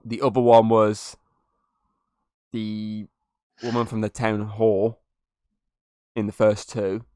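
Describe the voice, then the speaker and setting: A man's voice: lowish voice, completely flat delivery, slow, long pauses, warm tone, smooth, no echo. A young man chatting on a podcast, retelling movie scenes with a lot of swearing and laughter. His voice is dry and close, with little room sound. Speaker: podcast host. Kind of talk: casual movie review chat.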